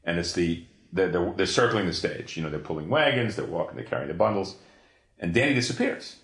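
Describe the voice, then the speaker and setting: A man in an interview, telling a long story in an animated, profane way, full of restarts. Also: low voice, a little fast. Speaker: guest, comics creator. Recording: echoey room.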